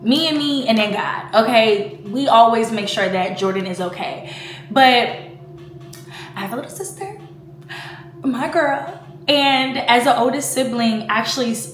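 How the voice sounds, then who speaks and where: This vlogger, a woman in her twenties, has a fairly high, slightly bright voice, recorded with reverb and a little hiss or hum. She chats casually and emotionally to the camera, close to tears at times, leaning on fillers like "like" and "you know."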